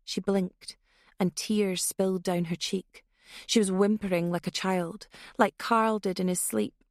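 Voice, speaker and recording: A woman reading a thriller audiobook in steady scripted narration. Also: mid-range voice, unhurried, dry recording, clean studio sound.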